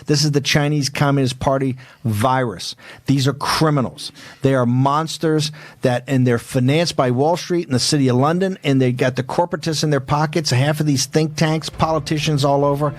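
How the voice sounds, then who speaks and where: A man hosting a political talk show, speaking in a combative, rapid-fire, emphatic way. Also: medium pitch, fairly even intonation, no room sound. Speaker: host.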